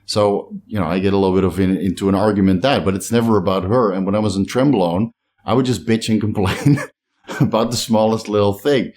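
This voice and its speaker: A man's voice: fairly low pitch, a little fast, darkish tone. A middle-aged man with a slight Dutch accent, chatting casually to camera as he reads out and answers viewer comments. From Netherlands. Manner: rambling, chatty, self-deprecating. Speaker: bodybuilding channel host. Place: home in a hot climate.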